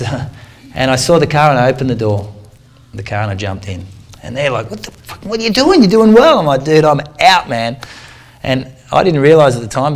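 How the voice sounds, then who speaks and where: A man in his forties giving a talk to a club, telling a story in a lively, slangy way and acting out what people said. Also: mid-range voice. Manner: animated, slangy storyteller who acts out the people in his stories. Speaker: guest speaker, triathlete.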